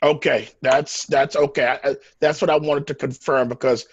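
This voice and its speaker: A man on a call who asks questions in a hesitant, halting way, with a husky voice. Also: mid-range voice, steady tone, no room sound, lo-fi sound. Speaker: forum participant asking questions.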